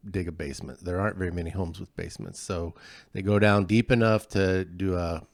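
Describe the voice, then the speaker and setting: Man, podcast co-host, fairly low voice, casual explanatory chat, dry close mic. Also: fairly quick, vocal fry, no echo. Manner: relaxed, explanatory and self-deprecating.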